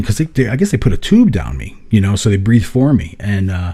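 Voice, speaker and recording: Man, podcast co-host, casual storytelling, swears a lot, low voice, husky. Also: brisk, hardly any pauses. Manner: swears freely, lively retelling.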